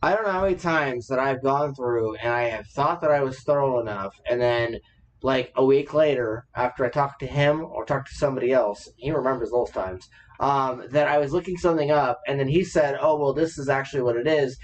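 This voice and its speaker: A man's voice: medium pitch, brisk, muffled recording. A man co-hosting a podcast, chatting casually as an opinionated storyteller who swears freely. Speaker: podcast co-host. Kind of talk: casual chat.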